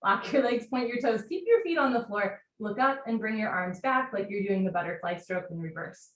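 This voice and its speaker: A young woman teaching a live yoga class, giving brisk step-by-step cues and getting breathy as she does the poses along with the class. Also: mid-range voice. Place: room at home, live video call. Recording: roomy sound from far off the mic, faint hiss.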